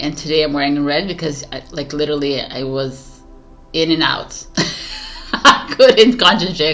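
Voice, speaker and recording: A woman reading tarot in vlog bloopers, giggling and flustered, stumbling and restarting, with quiet asides under her breath. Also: low voice. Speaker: tarot reader.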